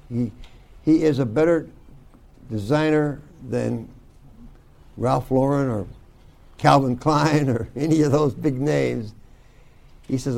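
An older man teaching a youth Bible school class, folksy and joking, with loud bursts for emphasis. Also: medium pitch, creaky. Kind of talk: folksy devotional talk to youth.

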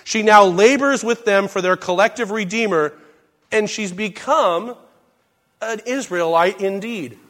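High-voiced male preacher, Bible-study sermon, scripture readings mixed with asides. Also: unhurried, a bit bright. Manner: reads scripture aloud in King James wording, with asides and self-corrections.

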